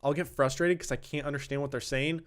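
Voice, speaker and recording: A man's voice: on the high side, fairly even intonation, fast talker. A young man co-hosting a casual podcast, rambling and hesitant, often trailing off and laughing. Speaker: podcast co-host. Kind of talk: casual chat.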